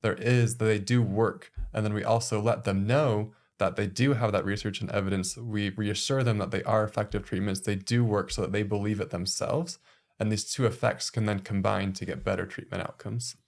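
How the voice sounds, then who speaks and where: Male clinic staffer, podcast guest: lowish voice, explanatory, casual fillers. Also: steady tone, gravelly. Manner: explanatory, measured, with many "like" fillers. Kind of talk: podcast conversation.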